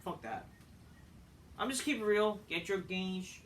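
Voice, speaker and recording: Exasperated man ranting, bright and high. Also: lively intonation, measured pace, recorded from a distance, a little hiss or hum, low-quality recording. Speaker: wrestling show reviewer. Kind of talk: ranting casual review.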